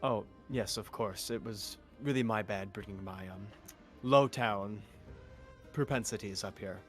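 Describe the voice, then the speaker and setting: A man taking his turn in a tabletop game, easygoing and relaxed. His voice sits on the low side. Faint music plays behind. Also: a little slow. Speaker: player.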